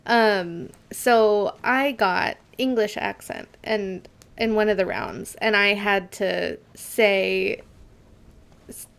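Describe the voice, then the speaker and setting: Slow-talking woman streamer, rambling. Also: mid-range voice, fairly even intonation, gravelly, a bit bright, clear, resonant tone. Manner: rambling, filler-heavy storytelling. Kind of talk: casual live game commentary.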